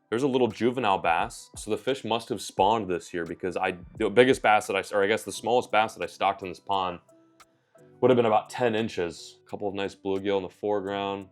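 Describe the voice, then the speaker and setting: A man filming a casual fishing vlog outdoors by his backyard pond, talking to viewers and exclaiming when something surprises him. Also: on the low side. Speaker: fishing vlogger.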